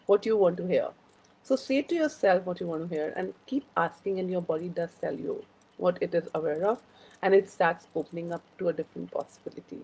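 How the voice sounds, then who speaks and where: Gravelly low-voiced woman hosting a live chat. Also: dark tone, poor audio. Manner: rambling and personal, greets viewers by name. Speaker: host of a live wellbeing chat. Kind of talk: casual live-stream chat.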